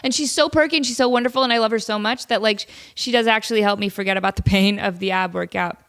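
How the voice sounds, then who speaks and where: A woman's voice: mid-range voice, flat delivery, quick pace, fairly bright tone, clean tone. A woman hosting a casual solo podcast from home, chatty and self-deprecating, with a cold. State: has a cold, sniffly. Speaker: podcast host.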